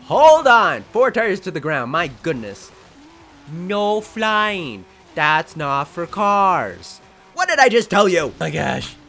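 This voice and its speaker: A young man at home giving jokey, excitable let's-play commentary, often shouting at the game. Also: high-pitched, takes it slowly. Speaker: gaming channel host. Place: his room at home.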